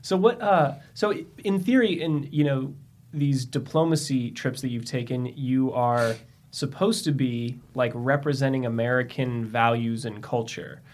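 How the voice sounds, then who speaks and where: A man's voice: mid-range voice, a little slow, a little mellow. Man asking hesitant interview questions. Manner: brief reactions and hesitant questions. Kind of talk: casual interview.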